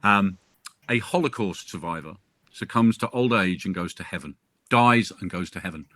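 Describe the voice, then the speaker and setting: A man's voice: low voice, moderate pace, fairly bright tone, no room sound. A man, a crime novelist, chatting casually on a video call, jokey and full of anecdotes. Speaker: crime novelist discussing his book.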